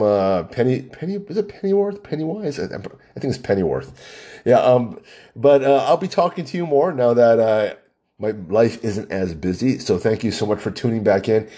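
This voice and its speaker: A man's voice: mid-range voice, mellow. A man hosting his own podcast, talking in a rambling, argumentative way full of rhetorical questions. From Hawaii. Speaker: podcast host. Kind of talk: casual solo podcast monologue.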